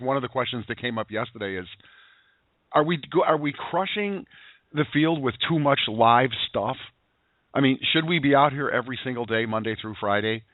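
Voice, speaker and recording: A man hosting a daily internet radio show, talking in an energetic, preachy way full of rhetorical questions and "you know"s. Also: on the low side, no room sound. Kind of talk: motivational call-in show talk. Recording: tinny phone-line sound, dry.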